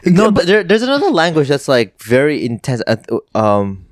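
A man's voice: fairly high pitch, wildly swooping pitch, moderate pace, no room sound, studio quality. A man co-hosting a podcast who mostly gives short reactions and searches for his words. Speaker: podcast co-host. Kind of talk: casual chat.

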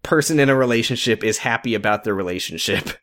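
A man's voice: mid-range voice, fast, a bit bright. A man co-hosting a podcast, recapping a TV show in casual chat, wry and jokey, swearing often. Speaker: podcast co-host.

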